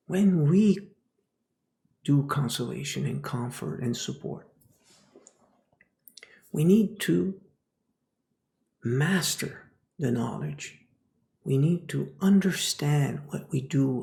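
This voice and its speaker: A man teaches about spiritual matters at an unhurried, deliberate pace. His voice has a gravelly, creaky texture, and he often sinks to a near whisper for emphasis. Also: a little high, dark tone, roomy sound. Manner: slow, often drops into a whisper.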